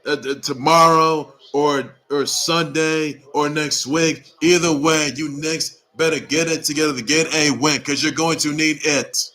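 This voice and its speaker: A man with a bright, forceful voice runs through the day's sports news in a loose, unscripted way. He circles back on his own phrases and pushes hard on his points with emphatic exhortations. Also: a little high, fairly even intonation, measured pace, few pauses, low-quality recording. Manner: rambling and repetitive, with emphatic exhortations. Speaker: sports report host. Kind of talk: casual sports news commentary.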